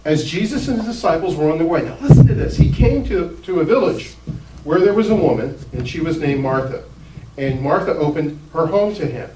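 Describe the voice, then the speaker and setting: A man's voice: high-pitched, slight background noise. A male pastor preaching in a casual, conversational way, acting out the people in his story. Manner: casual, conversational, animated with acted-out quotes. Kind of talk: sermon. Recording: roomy hall, distant mic, faint ambience.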